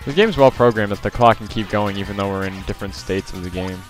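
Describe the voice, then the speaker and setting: A man's voice: lowish voice, quick pace, faint music behind. A man giving casual gameplay commentary as a let's play host, rambling with lots of fillers and self-corrections.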